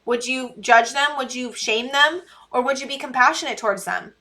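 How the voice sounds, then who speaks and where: A woman reads tarot cards in a casual, heartfelt way. Her voice sits a little high and sounds bright. She pleads earnestly, doubles back on her words and leans on fillers. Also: normal speed. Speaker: tarot reader. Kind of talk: casual tarot reading to camera.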